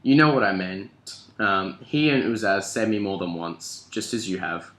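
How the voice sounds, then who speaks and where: A man's voice: fairly low pitch, normal speed, fairly bright tone, close to an everyday voice. A man reading out the lines of an earnest young woman from a novel, in his own voice and an Australian accent. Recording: echoey room.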